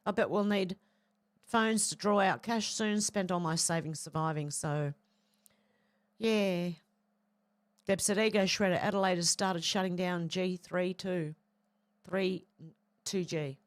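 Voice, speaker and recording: A woman with a lowish, throaty voice reads viewer comments off her livestream chat. She answers each one with chatty asides and clears her throat now and then. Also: unhurried, pauses often. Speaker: livestream host reading chat. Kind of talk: casual chat, reading viewer comments aloud.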